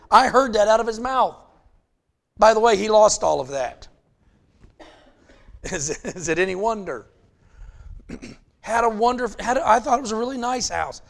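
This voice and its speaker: A man preaching a sermon in a conversational way, checking in with "okay?" and building up to loud, emphatic passages. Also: high voice, animated, unhurried, creaky, long pauses. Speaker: pastor.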